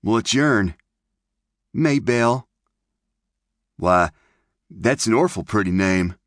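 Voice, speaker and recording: A man's voice: lowish voice, lively intonation, slow, dry recording, clean studio sound, voice pushed up. A man voicing a shy, folksy farm boy in an audiobook. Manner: folksy rural talk. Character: shy homespun farm boy heading west.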